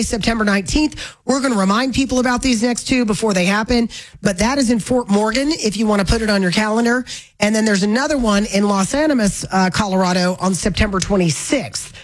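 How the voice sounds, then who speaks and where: Brisk, chatty woman radio host. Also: medium pitch, poor audio. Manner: brisk and chatty, corrects herself on the fly. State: hiccups. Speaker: radio talk show host. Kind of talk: casual talk radio chat.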